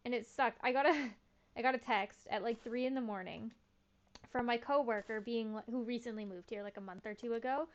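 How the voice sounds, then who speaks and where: A woman's voice: a little high, brisk, muffled recording. A young woman streaming a farming game, chatting in a laid-back, slangy, self-mocking way. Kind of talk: casual gameplay commentary.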